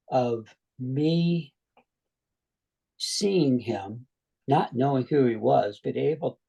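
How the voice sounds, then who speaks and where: A middle-aged man, a guest on an interview show, telling his near-death story in a relaxed way, with frequent "you know" asides. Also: mid-range voice, gravelly, husky, rough recording.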